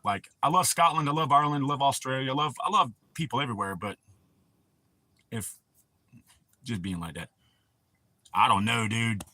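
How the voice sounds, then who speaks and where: A man's voice: medium pitch, moderate pace, pauses often, pushed and bright, no room sound. A man, hosting a casual livestream and rambling crudely with a lot of swearing. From United States. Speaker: livestream host.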